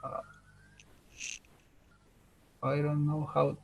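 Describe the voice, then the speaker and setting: A man with a Slavic accent on a video call, speaking in a hesitant, halting, apologetic way. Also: on the high side, completely flat delivery, vocal fry, narrow, tinny audio. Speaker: working group organizer. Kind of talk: casual video call chat.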